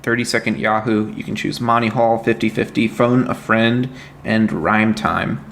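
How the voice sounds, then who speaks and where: Male quizmaster, lowish voice, deadpan teasing delivery, faint background noise. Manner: dry, teasing, reads questions slowly. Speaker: co-host and trivia quizmaster. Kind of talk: casual podcast chat, reading trivia.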